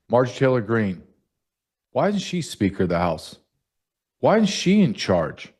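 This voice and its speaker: Lowish-voiced guy hosting a political show, mocking, firing off question after question. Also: darkish tone. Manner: combative, mocking, rhetorical questions. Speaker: show host. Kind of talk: political commentary.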